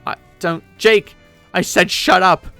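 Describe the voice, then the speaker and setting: A man voicing a furious young woman who shouts and snaps sarcastically at her friend, in a webcomic read aloud with voices. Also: high-pitched, normal speed, no room sound, soft background music, voice pushed up.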